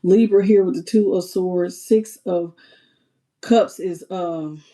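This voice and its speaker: A woman reading tarot on a live stream, chatty and expressive, talking straight to her viewers. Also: lowish voice, slow. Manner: chatty and expressive, talks to viewers as "y'all" and "baby". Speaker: tarot reader.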